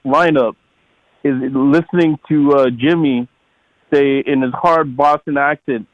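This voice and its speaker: A man's voice: medium pitch, steady tone, unhurried, no room sound, muffled recording. A man calling into a podcast, rambling, swearing freely and stammering on repeated words. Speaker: caller. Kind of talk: casual call-in chat.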